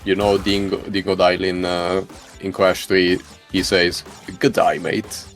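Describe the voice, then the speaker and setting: A man with a low, deep voice banters casually beside a speedrun, joking and holding firm opinions. Faint game music plays under his talk. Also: completely flat delivery, moderate pace, a bit bright. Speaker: speedrun co-commentator. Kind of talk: casual chat over gameplay.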